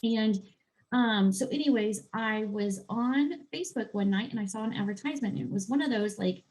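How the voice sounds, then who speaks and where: A woman health and life coach chatting casually in a podcast interview, telling a personal story and acting out her own thoughts in animated bursts. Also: medium pitch, poor audio. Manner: animated, quick swings into acted-out inner voices.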